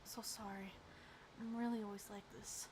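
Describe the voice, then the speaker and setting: A woman reading the lines of a tearful young man confessing his love, softly and hushed. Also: medium pitch, level tone, normal speed, noisy background, close to an everyday voice. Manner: soft, hushed, trembling. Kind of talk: reading visual novel dialogue aloud.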